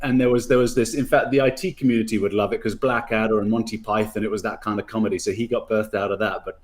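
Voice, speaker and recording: A man's voice: fairly low pitch, steady tone, quick pace. Chatty British man co-hosting a podcast. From Britain. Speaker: podcast co-host. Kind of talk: casual chat.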